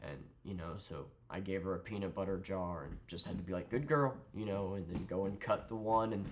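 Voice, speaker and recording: A man's voice: low-pitched, steady tone, brisk, a bit bright, slight background noise. A young man ranting sarcastically about a neighbor, swearing freely. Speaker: vlogger. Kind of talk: ranting storytime.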